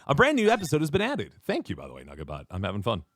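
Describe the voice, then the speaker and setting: A man streaming a game, chatting casually in an animated, laughing way and acting out little voices. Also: mid-range voice, rapid-fire, no echo, studio quality. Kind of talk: casual gaming chat.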